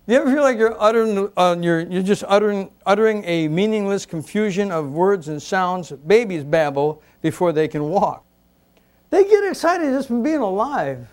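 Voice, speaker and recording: A man preaching a sermon, asking the congregation questions and moving between loud exclamations and quiet asides. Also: sits high, lively intonation, normal speed. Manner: asks the congregation rhetorical questions.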